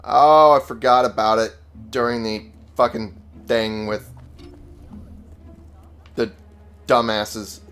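A man's voice: medium pitch, takes it slowly, pauses often, fairly bright tone, smooth, faint music behind. Wry, foul-mouthed young gamer man. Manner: wry, swears freely, talks back to the game. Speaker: let's play gamer. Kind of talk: casual gameplay commentary.

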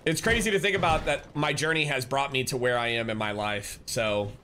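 A man's voice: medium pitch, fairly quick, pushed and bright, a little hiss or hum. A man live-streaming, chatting casually and rambling as he answers viewers and thanks them. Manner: rambling, restarts often, reads chat aloud.

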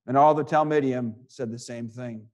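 A man preaches a sermon, reading scripture aloud and unpacking it through rhetorical questions and repeated phrases. His delivery swings from loud to hushed, with a medium pitch, steady tone and moderate pace.

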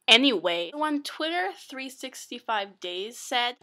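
A woman's voice: medium pitch, lively intonation, normal speed, a bit bright. A teenage girl vlogging at home into a laptop webcam, rambling in a giddy, random way. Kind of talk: casual vlog chat.

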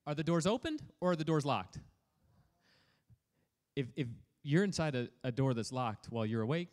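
A man preaching a sermon as a pastor, casual and joking, reading scripture aloud and breaking off to comment on it. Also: on the high side. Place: church hall.

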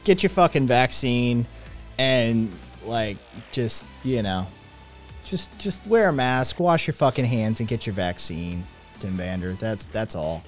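A man's voice: mid-range voice, expressive, measured pace, soft background music. A man streaming live, chatting casually with viewers in a rambling, sarcastic way, with lots of swearing and filler words.

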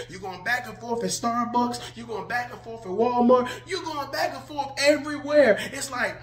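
A man delivers a casual commentary monologue with a strikingly high-pitched voice. He presses emphatic rhetorical questions and laughs often. His voice bounces around a roomy, echoing space. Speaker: online commentator. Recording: roomy echo.

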